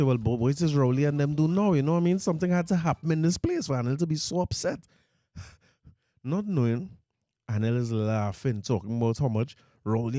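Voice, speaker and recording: A man's voice: mid-range voice, mellow, no room sound. A middle-aged man with a Trinidadian accent, hosting a podcast in a studio, telling rambling stories and laughing often. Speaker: podcast host. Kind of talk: casual comedic monologue.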